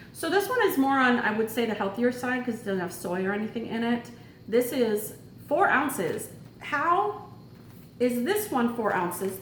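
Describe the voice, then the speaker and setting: A woman vlogger casually demonstrating gear at a table, chatty and thinking aloud with fillers. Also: fairly high pitch. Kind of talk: casual product demo. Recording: roomy echo, faint background noise.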